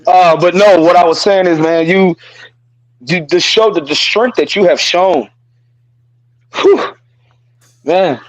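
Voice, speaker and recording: A fairly high-voiced man talks in an earnest, repetitive way, cursing freely as he offers support. The sound is dry and close, with no room echo. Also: moderate pace. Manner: earnest, repeats phrases, curses freely. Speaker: podcast co-host. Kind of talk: casual heartfelt podcast talk.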